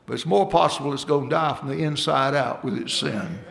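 A man's voice: mid-range voice, brisk, vocal fry, fairly bright tone. A man preaching a sermon, folksy and emphatic, calling out for amens from the congregation.

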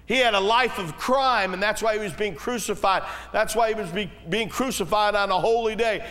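A high-voiced man preaches in a folksy, conversational manner. He swells to emphatic peaks, then sinks low and slow. His voice carries a long reverb through a church hall. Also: a bit bright. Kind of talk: sermon.

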